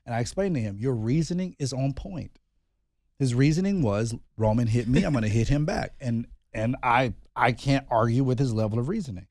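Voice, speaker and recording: A man co-hosting a casual podcast, telling a family story in an animated way and often repeating his words as he thinks. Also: medium pitch, fairly quick, no echo, studio quality. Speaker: podcast co-host and father.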